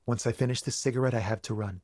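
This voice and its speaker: Quiet, wary young man in a video game, voiced by an actor, who sounds nervous and guarded. The recording is dry and close. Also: medium pitch, steady tone, rapid-fire, no room sound, natural voice. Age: young adult.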